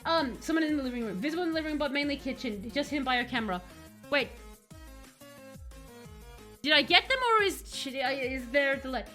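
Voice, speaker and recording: Her voice is high and a bit bright, quick-paced with lively intonation, and faint music plays behind it. She's streaming a horror game from a computer in her home room, talking jumpily and chattily to her chat.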